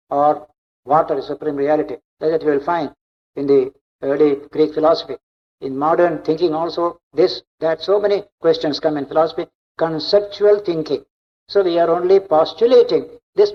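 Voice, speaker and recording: A man giving a spiritual discourse as a monk, explaining emphatically and repeating key points. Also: on the high side. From India. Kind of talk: spiritual lecture. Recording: dull lo-fi recording.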